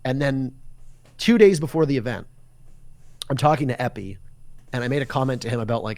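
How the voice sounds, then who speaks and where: A man with a medium-pitched voice speaks a little fast and pauses often, with no echo on the recording. He's a Canadian esports caster telling stories in casual podcast chat, acting out the dialogue with lively energy.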